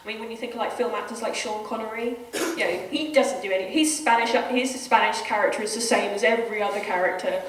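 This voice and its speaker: A British woman hosting a convention panel, chatting in a quick, easy way. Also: fairly high pitch. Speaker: panel host. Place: convention hall. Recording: echoey hall from far off, faint noise.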